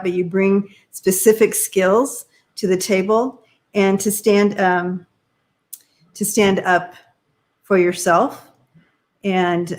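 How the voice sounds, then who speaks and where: Woman giving halting tarot readings. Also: fairly low pitch. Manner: halting, searching for words, many fillers; encouraging, gives gentle advice. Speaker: tarot reader. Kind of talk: live-stream card reading.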